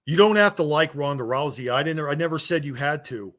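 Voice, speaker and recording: A man's voice: a little high, animated, brisk, a bit bright. A man delivering a heated, blunt rant to his viewers, swearing and scolding them as a wrestling vlogger. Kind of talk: angry rant to camera.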